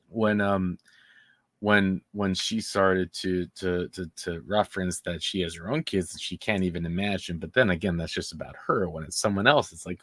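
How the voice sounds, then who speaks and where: A man hosting a true-crime commentary show in a casual, indignant and sarcastic way, halting often and restarting his sentences. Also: fairly low pitch, a bit bright, no room sound, studio quality.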